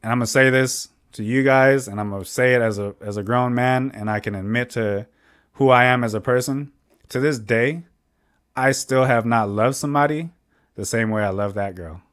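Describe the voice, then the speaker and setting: A young adult man co-hosting a podcast tells a personal story in a heated, profane voice. He talks at an everyday middle pitch and loudly acts out what he said back then. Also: normal speed. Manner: heated, profane, reenacts his own lines loudly. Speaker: podcast co-host. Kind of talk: casual storytelling.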